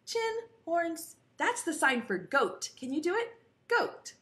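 Sing-song, high-voiced preschool teacher. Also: female voice, big pitch swings, a bit bright. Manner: sing-song, encouraging, drawn-out key words. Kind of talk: online preschool lesson.

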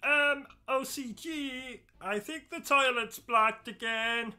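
A very high, smooth voice of a man playing a timid, dim manservant. He speaks slowly and hesitantly, bright in tone, with faint music behind him. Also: full character voice. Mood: meek. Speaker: sidekick.

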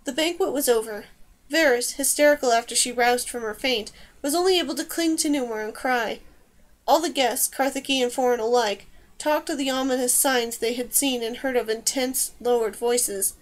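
Woman audiobook narrator, measured and even, high-pitched.

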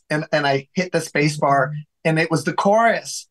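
A man with a slightly high voice tells a long personal story from his home studio. He acts out what other people said with lively energy. He keeps restarting his sentences and repeating words. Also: moderate pace, poor audio. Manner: animated storyteller who acts out quoted dialogue. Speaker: guest, singer and songwriter. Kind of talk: storytelling interview.

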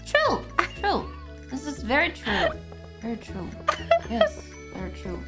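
A woman's voice: fairly high pitch, huge pitch swings, a little slow, loud music behind the voice. A woman streaming a farming game, chatting casually with a friend in a giggly, playful, teasing way.

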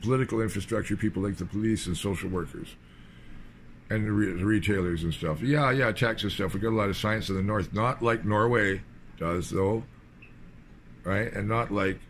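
A man's voice: fairly low pitch, fairly bright tone, slight background noise. A man from British Columbia giving a rambling, sardonic political monologue in loose fragments. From British Columbia, Canada. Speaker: political commentator.

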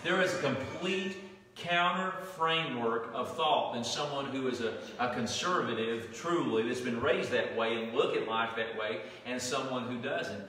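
Male pastor, Southern accent, folksy sermon, bright voice, heard far off in a big echoing church. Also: medium pitch, normal speed, slight background noise. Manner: folksy, conversational preaching with restarts. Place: church sanctuary. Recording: echoey hall from far off.

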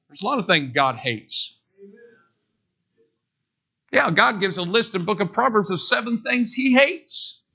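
A man's voice: sits high, expressive, measured pace, vocal fry, long pauses, pushed and bright, husky. A man pastor preaching a sermon in a church, emphatic and drilling points with call-and-response. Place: church sanctuary.

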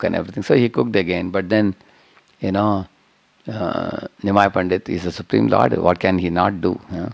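A man's voice: sits low, fairly even intonation, normal speed, creaky, no room sound. A man giving a devotional scripture lecture, telling a story and checking in with listeners with "huh?" and "hmm?".

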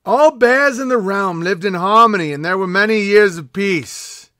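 Pompous proclaiming panda bear herald, as a man puts him on, high voice, dry close sound, mock-epic reading. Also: normal speed, bright, forceful tone, no room sound. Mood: grandiose.

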